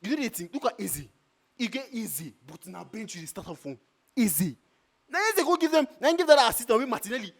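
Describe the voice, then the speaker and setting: A man's voice: high voice, sing-song, fairly quick, husky. A man with a Nigerian Pidgin English accent, ranting in a heated, exasperated way as a football fan in a street reaction.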